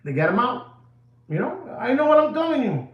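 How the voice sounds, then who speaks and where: Man, watch dealer on a live stream, high voice, swinging pitch, rambling, repeats himself, roomy echo. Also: sing-song, moderate pace, highs cut off. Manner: emphatic, repeats phrases over and over.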